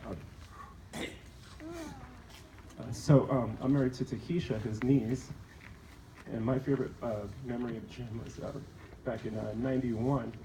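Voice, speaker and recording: A man's voice: mid-range voice, steady tone, normal speed, dark tone, a little hiss or hum, low-quality recording. A man in his forties telling a rambling, emotional story at a memorial, laughing between thoughts. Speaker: mourner sharing memories. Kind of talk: eulogy at a memorial.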